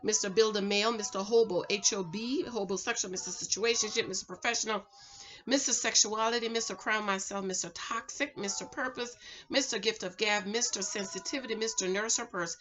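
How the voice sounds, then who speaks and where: A woman's voice: mid-range voice, brisk. A middle-aged woman, chatting casually to camera at home, giving preachy dating advice. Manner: chatty, preachy, animated, talks straight to the viewer. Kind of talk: casual vlog chat.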